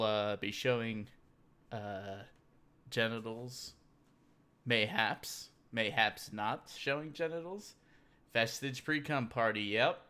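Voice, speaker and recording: Bright-voiced man rambling through memes. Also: medium pitch. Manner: rambling, joking, drinking beer. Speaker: livestream host. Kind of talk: casual livestream meme commentary.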